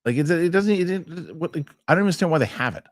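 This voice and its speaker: A middle-aged man hosting a casual talk show, telling stories and reading viewer messages with animated, excitable delivery. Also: fairly high pitch, fast, dry recording. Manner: animated storytelling, excitable rants. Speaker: show host. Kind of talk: casual chat.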